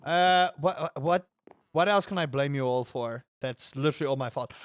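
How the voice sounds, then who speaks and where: A man's voice: a little high, fairly even intonation, moderate pace, a bit bright, clear, resonant tone. A man streaming a game live, chatting with viewers in a sarcastic, rambling way full of stammered fillers.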